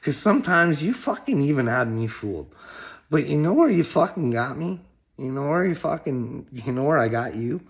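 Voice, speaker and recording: A man's voice: a little high, very animated, moderate pace, gravelly. A middle-aged man rambling straight to camera, swearing heavily and breaking into laughs between phrases. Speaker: video blogger addressing another creator. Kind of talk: rambling direct-to-camera monologue.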